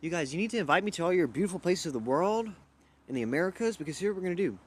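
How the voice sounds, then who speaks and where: A man's voice: high voice, expressive, rapid-fire, a little hiss or hum. Profane, erratic young man from Louisiana. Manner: profane, loud and erratic, jumping between topics. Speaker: livestream host. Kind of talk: rambling casual livestream chat.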